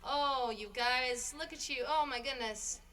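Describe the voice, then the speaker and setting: Woman, singer hosting a livestream, high voice, bright tone, giggly and gushing, casual chat. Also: a little slow.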